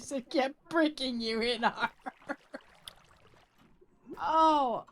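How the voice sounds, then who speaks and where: A woman streaming a block-building game in casual chat, giggly and excitable, with squeals when she is delighted. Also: high voice, drawn-out words, long pauses.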